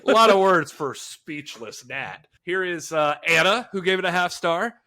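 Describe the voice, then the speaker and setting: A man's voice: sits high, animated, moderate pace, hardly any pauses, pushed and bright. A man co-hosting a casual talk show, reading reviews aloud with mock drama and frequent laughter. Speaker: podcast co-host. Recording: echoey room.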